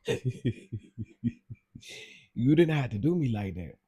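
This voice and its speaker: A man's voice: mid-range voice, sing-song, slow, mellow, husky. A man hosting a casual livestream, gossiping animatedly and exclaiming straight to his viewers. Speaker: livestream host.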